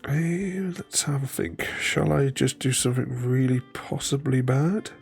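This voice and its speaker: A man's voice: medium pitch, measured pace, creaky, faint music behind. A man casually chatting with his viewers while playing a solo board game, thinking aloud and laughing often.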